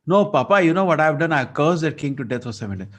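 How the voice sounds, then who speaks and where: A man voicing a proud, hot-headed boy who is a sage's son, speaking in indignant, high-pitched outbursts. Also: brisk, breathy edge. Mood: boastful.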